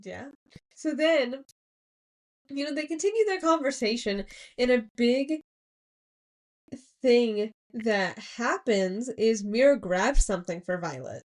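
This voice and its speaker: Young american woman, bit high voice, giggly rambly book chat. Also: animated, slow pace, pauses often. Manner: giggly, rambling retelling with many fillers. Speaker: podcast co-host. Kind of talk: casual book-club chat.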